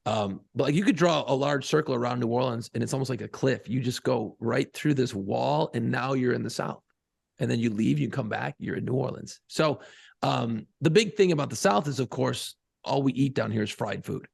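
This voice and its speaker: In studio-quality audio with no echo, a Buffalo, New York man co-hosts a podcast, rambling and swearing casually while laughing often. He speaks a little fast, with a medium-pitched, creaky, slightly rough voice.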